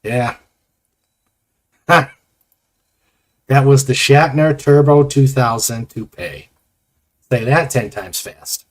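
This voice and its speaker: A man hosting a casual livestream chat, rambling with many pauses and reading viewer comments aloud. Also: mid-range voice. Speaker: host.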